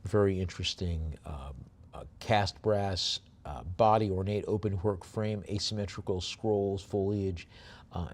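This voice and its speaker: A man working as a live auctioneer, reading out lot descriptions and then rattling off fast bid calls. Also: sits low.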